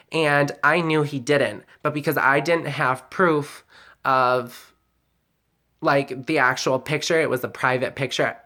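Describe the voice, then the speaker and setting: A man's voice: medium pitch, pushed and bright. A man telling a personal story in a confessional vlog, candid and emotional, rambling with many "like"s and the odd swear word. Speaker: vlogger.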